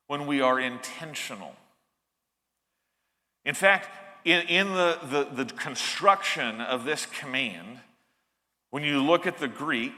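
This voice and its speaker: A pastor with a high-leaning, bright, pushed voice delivers an earnest, emphatic sermon in a large church sanctuary hall, frequently restarting phrases.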